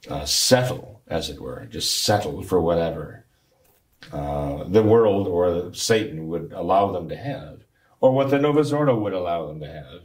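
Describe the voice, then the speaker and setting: A man, a priest, talking earnestly in an interview with a gravelly, recovering voice and preaching restarts. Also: sits low, a little mellow. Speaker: priest guest. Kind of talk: talk show interview.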